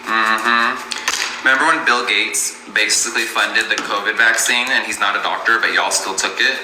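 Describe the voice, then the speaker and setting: A man's voice: fairly low pitch, steady tone, normal speed, pushed and bright. A man ranting to his livestream viewers from his kitchen, drawling and sassy, calling them baby and y'all. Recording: echoey room with faint noise.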